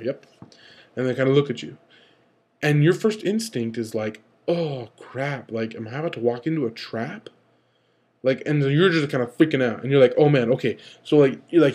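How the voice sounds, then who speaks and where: Young male vlogger, middle pitch, rambling and animated, casual to-camera talk. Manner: rambling, animated, acts out quoted players. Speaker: vlog host. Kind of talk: casual talking-to-camera vlog.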